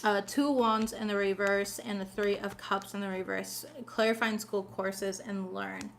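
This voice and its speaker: A woman's voice: medium pitch, steady tone, moderate pace, a bit bright, a little hiss or hum. A woman doing a casual tarot reading in a chatty, blunt and sassy way, swearing freely and laughing often. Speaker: tarot reader.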